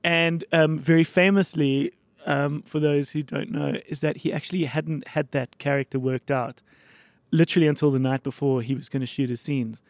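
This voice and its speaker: A man hosting a casual chat show, his voice sitting a little high for a man and his talk rambling and full of fillers. The sound is close and dry, with no room in it. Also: fairly even intonation, dry recording. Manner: rambling, quick, swears casually, lots of fillers. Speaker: podcast host running a mock video store.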